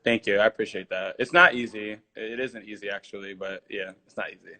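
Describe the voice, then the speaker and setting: A man's voice: lowish voice, fairly even intonation, fairly quick, pushed and bright, poor audio. A man being interviewed over a remote call, chatting in an easygoing, slightly scattered way. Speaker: guest. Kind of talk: casual interview chat.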